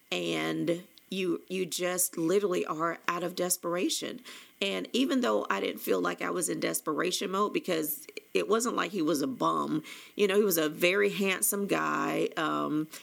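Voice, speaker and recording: A woman's voice: lowish voice, gravelly. A woman candidly telling a personal story, rambling with restarts and quoting conversations as she goes. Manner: candid, rambling with many restarts and quoted dialogue. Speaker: author telling her own story.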